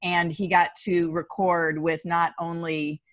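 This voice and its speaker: A woman's voice: lowish voice, slow, no echo. Dry, close-miked woman telling a story. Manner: animated storyteller, quotes people. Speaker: co-host. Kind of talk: casual chat.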